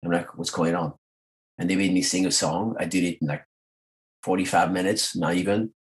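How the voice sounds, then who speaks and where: A man guest in an interview, a singer and voice artist, telling lively stories and acting out the voices of the people he quotes. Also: low voice, normal speed, low-quality recording. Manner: lively storyteller who acts out quoted voices. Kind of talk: animated anecdote-telling.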